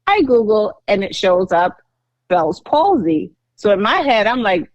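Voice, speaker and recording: A woman's voice: medium pitch, big pitch swings, measured pace, dry recording. A candid, chatty woman shares her story as a podcast co-host. Her voice sits in a mid range. The recording is dry and a little dull.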